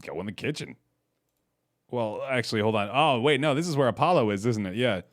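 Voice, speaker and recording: A man's voice: medium pitch, animated, brisk, no room sound, studio quality. A man in a casual gaming video, laughing, thinking aloud and reacting as he plays a text adventure game. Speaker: game streamer.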